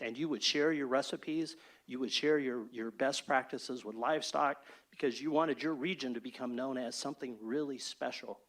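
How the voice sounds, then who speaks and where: Exec guy presenting to a state board, formal and brisk, orderly like a prepared speech, mid pitch. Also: a bit bright. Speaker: state fair chief executive. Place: state board meeting room.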